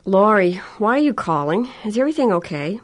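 A woman's voice: mid-range voice, very animated, a little fast, no room sound, pitched above the performer's own voice, lightly acted. A woman reading an audiobook voices a sleepy, fretful mother with rising, anxious questions. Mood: alarmed.

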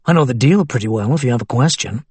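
A man's voice: medium pitch, lively intonation, fast talker, a little mellow, slightly rough, dry recording. A man voicing an obliging young junior partner who answers in an easygoing, matter-of-fact way.

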